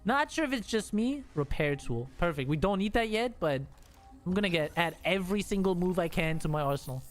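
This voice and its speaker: Male streamer, high voice, loose casual commentary with bursts of excitement and cursing. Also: brisk, faint music behind. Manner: excitable, swearing, laughing chatter.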